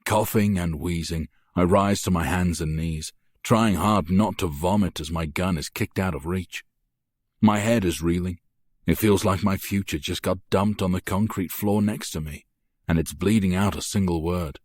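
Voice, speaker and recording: A man's voice: low-pitched, moderate pace, darkish tone, no echo. A man narrating a gritty first-person crime novel in an intense, dramatic manner, close on the mic. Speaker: audiobook narrator.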